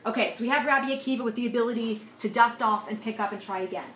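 A woman teaching a lively class lecture, telling a story and asking her students questions as she goes. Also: a little high, very fast. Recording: echoey room, faint noise.

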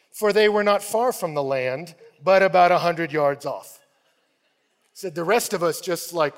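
Animated male pastor in a reverberant hall. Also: fairly high pitch. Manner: animated storytelling, acts out voices in quotes. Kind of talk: sermon.

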